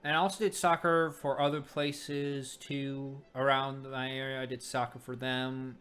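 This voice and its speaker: A man's voice: mid-range voice, level tone, a little slow, a bit bright. Chatty young man reviewing comics. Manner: rambling, chatty, joking asides. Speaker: webcomic reviewer. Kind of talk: casual commentary.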